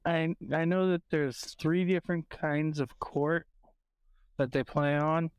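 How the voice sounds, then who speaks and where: A man plays trivia and reasons through his guesses in a hesitant way. His voice is smooth and a little high, and it sounds dry. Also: fairly even intonation, slow pace, dry recording. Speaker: trivia contestant. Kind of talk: casual podcast chat.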